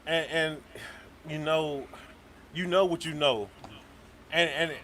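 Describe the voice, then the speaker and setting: Brief: male guest, slightly high voice, excitable rambling storyteller, faint background hiss. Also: slow pace. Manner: animated storyteller, repeats words when building up. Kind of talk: casual profane chat.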